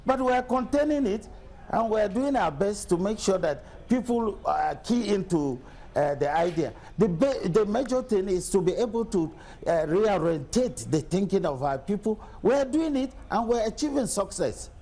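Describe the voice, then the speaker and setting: A middle-aged man from Nigeria speaks as a state governor in a televised interview. His voice sits high for a man and carries a gravelly rasp. He argues forcefully, answering criticism with pointed rhetorical questions. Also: lively intonation, moderate pace. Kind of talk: TV news interview.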